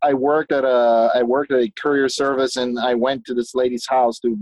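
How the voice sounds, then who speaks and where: A man telling stories as a guest in a casual conversation, animated and talkative, often restarting his sentences. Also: mid-range voice, normal speed, dry recording, poor audio. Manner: swears casually. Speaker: guest, business owner.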